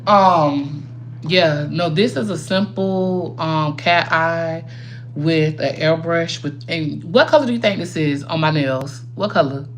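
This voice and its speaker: Woman livestreamer, low-pitched, loose and profane, faint background hiss. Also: slow. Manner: chatty, rambling, swears freely, talks to viewers. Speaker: livestream host. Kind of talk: casual livestream chat while doing makeup.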